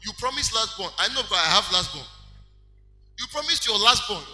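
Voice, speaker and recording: Animated preacher man, bright voice. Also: high-pitched, brisk. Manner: animated preaching, acting out little dialogues. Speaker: pastor. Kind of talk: sermon. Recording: echoey hall with faint music.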